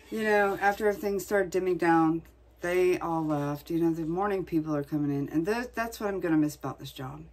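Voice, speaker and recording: A woman vlogger chatting casually, venting in a blunt, profane way. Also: low-pitched. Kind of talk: casual chat.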